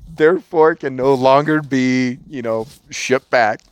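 A man from Orange County, California, telling a profane story as a podcast guest in a casual, animated way. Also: medium pitch, measured pace, clear, resonant tone, dry recording, faint music behind.

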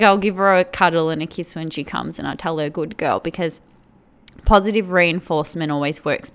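A woman's voice: on the low side, a bit bright. A woman hosting a podcast, talking in a casual, rambling way, full of "like"s and restarts. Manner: rambling, filler-heavy, with many "like"s and restarts. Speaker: podcast host.

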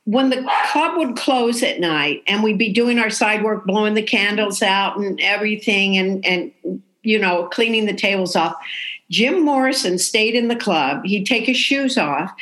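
Older woman telling a lively anecdote. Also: medium pitch. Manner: animated, acts out the people she quotes. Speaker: guest telling a story. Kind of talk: casual storytelling.

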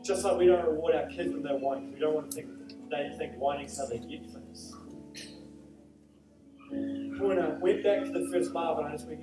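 A male pastor preaching a sermon, telling a personal story in an animated, emphatic way. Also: on the high side, normal speed, pauses often. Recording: echoey, distant live church recording with music.

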